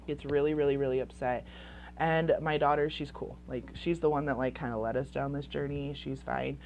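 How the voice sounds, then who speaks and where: A woman's voice: extremely low pitch, steady tone, moderate pace, a little mellow, slight background noise. A woman in her thirties, a parenting coach, talking bluntly and with passion, swearing and hammering points home through repetition. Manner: blunt and impassioned, swearing, repeating phrases for emphasis. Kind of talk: direct-to-camera talk.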